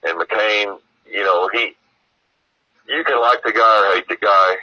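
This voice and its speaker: Husky low-voiced man, rambling story. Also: unhurried, no echo, dull audio. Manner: rambling, profane, lots of "you know". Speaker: interview guest. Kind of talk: casual storytelling.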